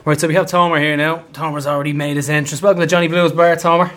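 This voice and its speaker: A man's voice: a little high, level tone, quick pace, fairly bright tone, slight background noise. A man hosting a casual podcast among football fans, chatty and rambling, laughing often. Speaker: podcast host. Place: pub.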